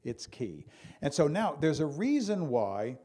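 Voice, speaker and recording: Animated man doing stand-up comedy. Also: on the high side, a little slow, slightly rough. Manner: animated storyteller, mimics calm pilots and a Brooklyn guy. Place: stage before a live audience.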